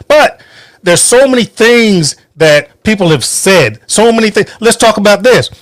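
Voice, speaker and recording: Angry high-voiced man ranting, dry sound. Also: dry recording. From United States. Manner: heated, profane, emphatic ranting. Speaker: podcast host. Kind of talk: angry political monologue.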